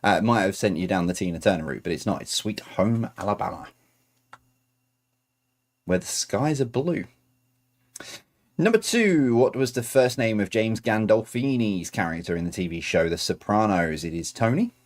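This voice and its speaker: A man's voice: fairly low pitch, animated, normal speed. A man reading out quiz answers as host, adding chatty, self-correcting asides.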